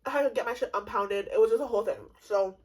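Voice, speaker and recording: Husky young woman telling a funny story. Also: a little high, fast talker, low-quality recording. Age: 20s. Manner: animated, laughing often, swearing freely. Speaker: vlogger. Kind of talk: casual comedic storytime.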